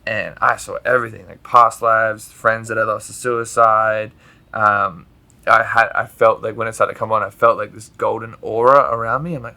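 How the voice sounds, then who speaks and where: A man with a bright, forceful voice tells a rambling personal story on a podcast, swearing freely and filling his talk with "like". His telling is animated, and he laughs a lot as he goes. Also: on the low side, moderate pace, vocal fry. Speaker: podcast guest. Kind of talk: casual storytelling chat.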